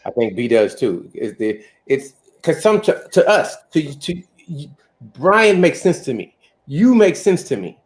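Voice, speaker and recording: Guy hosting a chill chat show, super lively up and down voice, always joking around. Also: a little high, a little slow. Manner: animated, joking storyteller. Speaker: host. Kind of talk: casual chat.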